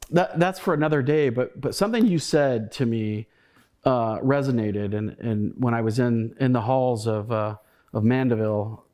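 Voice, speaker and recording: A man's voice: medium pitch, a little mellow. A middle-aged man hosting a podcast, telling stories in a casual, reflective way with frequent restarts. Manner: conversational, restarts words, reflective storytelling. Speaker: podcast host, former colleague.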